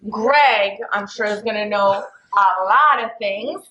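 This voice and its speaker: A woman's voice: medium pitch, takes it slowly, pushed and bright, echoey room, dull audio, a little hiss or hum. A woman hosting a casual chat show from a home dining table, playful and sarcastic, laughing often. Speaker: host.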